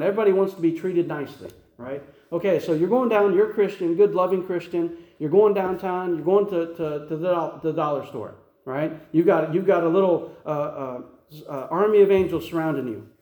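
A man preaches in a relaxed, folksy style, repeating his words as he thinks and checking in with "right?" His voice sits high but sounds soft and warm. The room has a noticeable echo. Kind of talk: conversational sermon.

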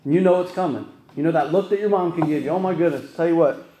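Man, pastor, conversational sermon, folksy asides, slightly high voice. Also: fast, warm tone, slight background noise. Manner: folksy storytelling, frequent "right?" asides. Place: church sanctuary. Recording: echoey church room.

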